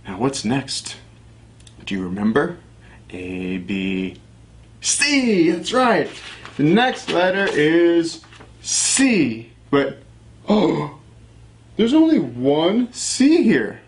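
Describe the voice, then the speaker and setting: A young man teaching a children's alphabet lesson, encouraging and sounding out each letter slowly. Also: fairly high pitch. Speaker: phonics teacher.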